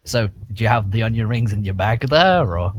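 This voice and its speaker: A young man playing a tabletop game, playful and teasing, sometimes jumping into a high put-on voice. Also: animated, moderate pace. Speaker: player. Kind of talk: casual tabletop role-play.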